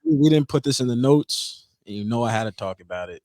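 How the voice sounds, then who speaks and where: A man on a podcast in casual chat, telling stories excitedly, repeating himself, swearing freely. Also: mid-range voice, quick pace, dry recording. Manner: repetitive, excited, profane. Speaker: podcast co-host.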